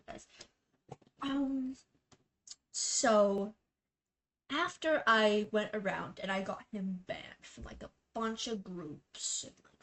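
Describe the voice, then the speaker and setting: A woman's voice: medium pitch, a bit bright, slight background noise. A young woman telling a personal story in a casual vlog, rambling and blunt, with lots of fillers and swearing. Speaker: vlogger.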